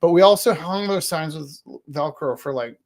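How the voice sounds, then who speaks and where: A man's voice: fairly high pitch, moderate pace. A man in his fifties, an artist auctioning his own paintings in a rambling, self-deprecating, jokey way. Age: 50s. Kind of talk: casual live-stream chat. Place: art studio, indoors.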